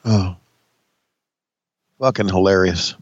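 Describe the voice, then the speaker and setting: A man co-hosting a podcast, chiming in with quick reactions and frequent laughter. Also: deep voice, no echo, lo-fi sound. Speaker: podcast co-host. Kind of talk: casual chat.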